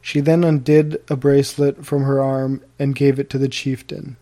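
A man narrating an audiobook of a historical novel in a steady, formal storytelling manner. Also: mid-range voice, normal speed.

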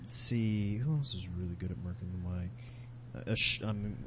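A man's voice: lowish voice, normal speed, fairly bright tone. Hesitant man thinking aloud, faint hiss. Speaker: podcast guest. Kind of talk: casual chat.

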